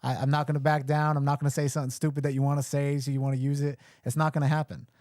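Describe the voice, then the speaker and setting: A man's voice: on the high side, little pitch movement, rapid-fire, darkish tone, no echo, studio quality. A man running for mayor, talking bluntly and emphatically on a live show. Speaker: mayoral candidate guest.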